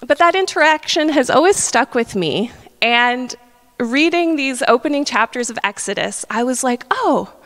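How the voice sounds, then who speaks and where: A woman in her thirties preaching a sermon in a chatty, animated storytelling manner. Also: high voice, moderate pace. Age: 30s. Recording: long hall reverb.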